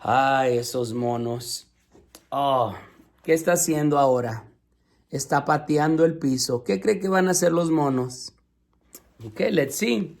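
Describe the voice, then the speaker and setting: A man reading a children's storybook aloud in two languages, pausing to ask his listeners questions in a patient, teacherly way. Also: mid-range voice, creaky. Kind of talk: bilingual storybook read-aloud.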